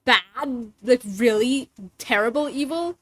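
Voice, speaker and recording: A young woman streamer chatting casually with her viewers, playful and teasing, sometimes giving soft, gentle affirmations. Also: fairly high pitch, takes it slowly, rough recording. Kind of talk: casual livestream chat with viewers.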